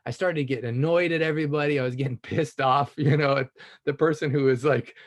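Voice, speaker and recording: A man, around his thirties or forties, sharing a personal story in an animated, enthusiastic way, laughing often and filling pauses with "you know.". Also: medium pitch. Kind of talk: casual testimonial storytelling.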